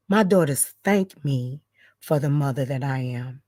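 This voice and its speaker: Slow, emphatic middle-aged woman vlogger. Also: very deep voice, dark tone, no echo, clean studio sound. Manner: emphatic, repetitive, vowing and declaring. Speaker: channel host. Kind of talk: emotional direct-to-camera monologue.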